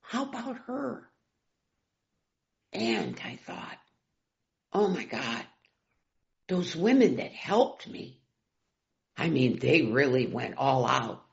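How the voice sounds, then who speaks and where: A middle-aged woman giving an emotional personal share at a recovery meeting, swinging between loud bursts and near whispers. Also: extremely low pitch, big pitch swings, slow, creaky, pauses often, highs cut off.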